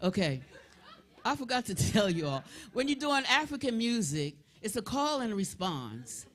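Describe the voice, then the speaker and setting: An older woman leading a congregation in a call-and-response song, lively and chatty, coaxing everyone to join in. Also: on the high side, normal speed. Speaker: song leader. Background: band music.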